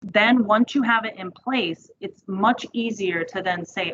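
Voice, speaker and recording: A woman's voice: medium pitch, measured pace. A woman teaching a marketing training class in a chatty, encouraging way. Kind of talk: webinar training talk. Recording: muffled audio with background noise.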